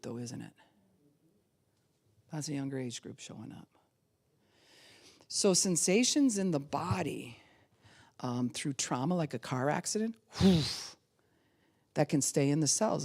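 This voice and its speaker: Lively, low-voiced woman pastor preaching. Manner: animated, laughs often, acts out quoted voices. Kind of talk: sermon.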